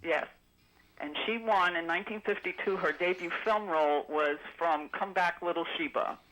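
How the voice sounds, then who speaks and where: A woman's voice: fairly low pitch, normal speed, a bit bright, low-quality recording. A woman calling in to a radio show, chatting at length about trivia with frequent ums. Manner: chatty, rambling trivia recall with many ums. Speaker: caller. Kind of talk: call-in radio chat.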